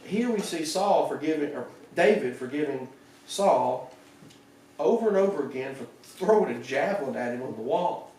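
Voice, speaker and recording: A pastor with a Southern American accent preaching a conversational evening sermon, retelling scripture stories with little voices and many restarts. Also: male voice, a little high, expressive, normal speed, darkish tone. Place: church sanctuary. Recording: echoey church from far off.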